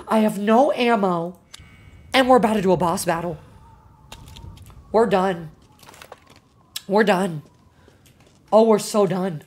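Drawn-out, dramatic woman streamer. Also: medium pitch, slight background noise. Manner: expressive and dramatic, swears a lot, talks to chat. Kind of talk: casual gaming livestream chat. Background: faint game music.

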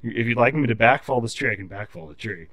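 A man's voice: medium pitch, quick pace, fairly bright tone. A man in casual podcast chat, telling a profane story and explaining tree felling in technical detail. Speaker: podcast guest.

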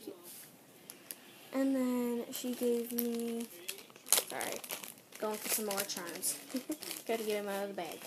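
A woman's voice: on the high side, fairly even intonation, slow, pauses often, heavy background noise. A teenage girl vlogger chatting casually through an unboxing, bubbly and gushing, giggling often. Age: teens.

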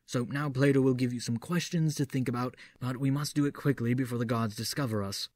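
A man voicing an eccentric male philosophy teacher in an audiobook, speaking quietly and confidingly. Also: mid-range voice, steady tone, fairly quick, no room sound, clean studio sound, close to an everyday voice.

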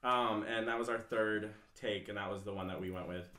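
A young man chats as a podcast guest, circling through long anecdotes packed with "like" and "um." His voice sits low but comes across bright and forceful. The room around him is echoey. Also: fairly even intonation, a little fast. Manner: rambling, filler-heavy storytelling. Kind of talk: casual chat.

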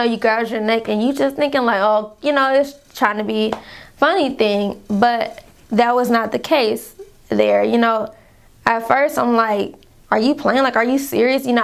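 A woman's voice: a little high, vocal fry, smooth. A young woman telling a painful personal story to her viewers in a vlog, rambling, calling them y'all, fighting back tears. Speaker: vlogger.

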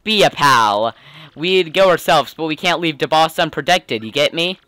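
A man voicing a gruff male mobster henchman who talks in tough-guy gangster slang. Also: a little high, animated, moderate pace, sharp tone, no echo. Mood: coaxing.

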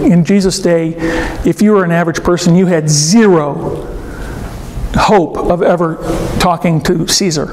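A priest with a high-pitched voice gives an informal teaching talk in a church. He speaks conversationally, often pausing on fillers and restarting his sentences. A faint hiss of noise sits under the recording. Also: a little mellow.

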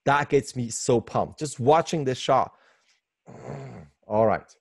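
A man's voice: mid-range voice, slow pace, creaky, breathy edge, no room sound, clean studio sound. A man in his forties, a guest animator giving an enthusiastic webinar commentary from home over a video call mic, laughing often and gushing. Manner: excitable, laughs often, lively gushing delivery. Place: home workspace.

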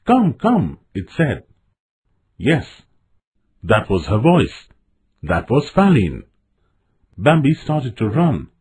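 A man narrating a children's storybook in an expressive, measured way. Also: on the low side, breathy edge.

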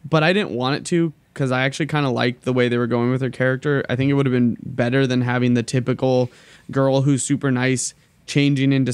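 A man's voice: medium pitch, no room sound. A young man co-hosting a podcast in casual chat, laid-back and agreeable, swearing now and then while retelling scenes. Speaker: podcast co-host.

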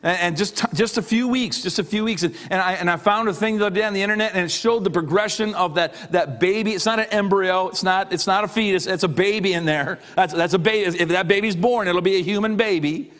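A middle-aged man, a pastor, preaching a sermon with emphatic repetition, dropping low on key lines. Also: fast, hardly any pauses, a bit bright.

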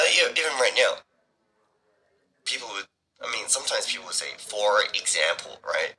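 A man's voice: on the low side, vocal fry, sharp tone, rough recording. A man with an Australian accent chatting casually from his own room, rambling, repeating words and dropping into half-whispers. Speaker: streamer answering fan questions. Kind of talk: casual chat.

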